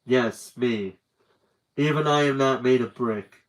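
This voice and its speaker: A man's voice: medium pitch, slow pace, close to an everyday voice, poor audio. A man reading as a scared teenage boy. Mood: scared, tender. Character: frightened teenage boy writing a farewell letter.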